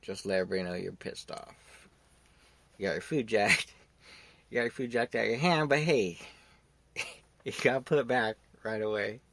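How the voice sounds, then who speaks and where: A man's voice: on the low side, moderate pace, vocal fry, pauses often, no room sound. A young man hosting a podcast, telling a story in a rambling, casual way. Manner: rambling, animated when acting out quotes. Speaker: podcast host.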